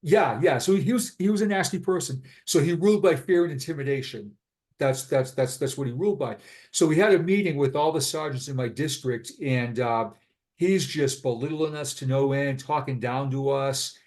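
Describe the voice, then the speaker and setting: A man's voice: mid-range voice, moderate pace, a little mellow. A blunt man in his fifties with a Boston accent, telling his story as a retired police sergeant in a casual interview. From Boston, USA. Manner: blunt, frank.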